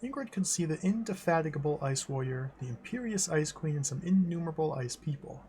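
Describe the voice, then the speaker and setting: A man's voice: a little high, lively intonation, brisk, few pauses, a little mellow, a little hiss or hum. Man reading a text adventure aloud. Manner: playful, amused commentary. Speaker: streamer.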